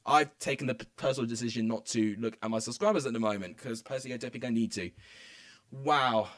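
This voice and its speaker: A young man giving excitable, rambling commentary as he live-streams a football match from home. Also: mid-range voice, fast. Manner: excitable, rambling, many fillers. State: out of breath. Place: home room.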